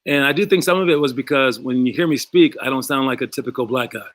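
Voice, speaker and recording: A man coaching young basketball players, talking in a calm, conversational way and acting out the voices of people in his stories. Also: mid-range voice, quick pace, dry recording. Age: adult past college.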